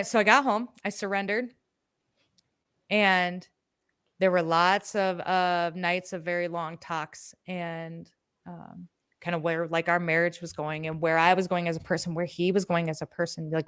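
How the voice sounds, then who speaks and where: A woman co-hosting a podcast, telling a story in a casual, animated way, swearing freely and acting out her own words. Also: lowish voice, normal speed, smooth, no room sound, clean studio sound. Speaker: podcast co-host.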